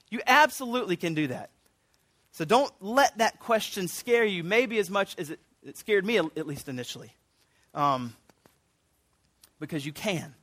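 A man preaching a sermon, animated and earnest, often restarting his sentences. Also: sits high, moderate pace, no room sound, clean studio sound. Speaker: pastor.

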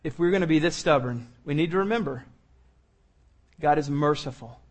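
Animated preacher man, fairly high voice. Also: normal speed. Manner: animated, acts out voices and laughs often. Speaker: pastor. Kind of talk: sermon.

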